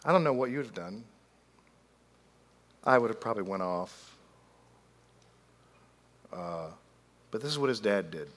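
A man preaching a sermon, telling a story animatedly with drawn-out pauses and asides to the congregation. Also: lowish voice, expressive. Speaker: pastor. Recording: long hall reverb.

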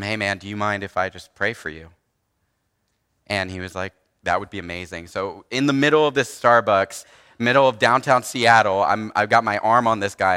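A man's voice: lowish voice, sharp tone, clear, resonant tone. A young man preaching, telling a personal story in a casual, earnest way with frequent restarts and fillers. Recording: long hall reverb.

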